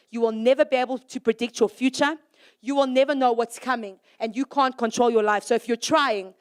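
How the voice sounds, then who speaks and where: A young woman giving a sermon to young people in a lively, conversational way, firing rhetorical questions at the audience and acting out little scenes. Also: on the high side, clear, resonant tone. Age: young adult. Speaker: youth speaker. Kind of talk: youth sermon.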